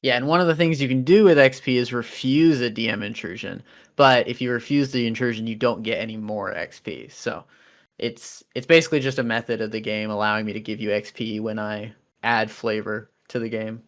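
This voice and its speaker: Running a tabletop role-playing game, this game master narrates scenes and lays out the rules in a relaxed way full of fillers. His voice is fairly low and his delivery brisk.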